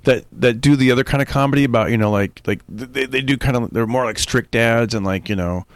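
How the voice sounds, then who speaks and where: A man who is a stand-up comedian, telling stories in a rapid, animated way in casual chat. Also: medium pitch, no room sound. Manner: rapid, animated storytelling with voices.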